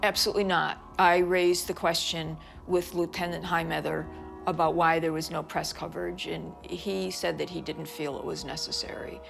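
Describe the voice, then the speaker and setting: A woman's voice: lowish voice, level tone, normal speed, creaky, fairly bright tone. A middle-aged American woman giving documentary interview testimony, recounting events in an earnest, distressed way. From United States. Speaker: interviewee, mother of a missing son. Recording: music bed under the voice.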